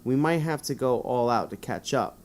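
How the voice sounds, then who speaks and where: A man's voice: mid-range voice, lively intonation, normal speed, darkish tone, a little hiss or hum, natural voice. A man reading the lines of a female Russian rally co-driver in a gamebook, plainly and without putting on an accent. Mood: earnest. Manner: read plainly, with no accent put on.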